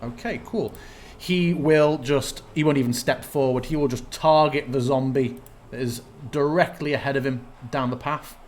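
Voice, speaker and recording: A man running a tabletop game as game master, calmly narrating and checking the rules as he goes. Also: medium pitch, normal speed.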